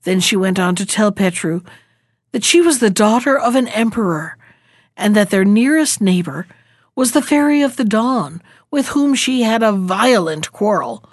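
A woman's voice: medium pitch, no room sound, clean studio sound. Woman reading a fairy tale aloud. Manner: measured, expressive reading. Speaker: narrator. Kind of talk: storybook reading.

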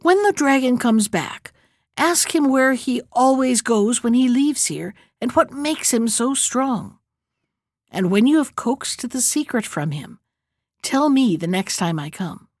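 A woman's voice: a little high, animated, a little slow, no echo, studio quality. A woman reading a bold young storybook prince. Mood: earnest.

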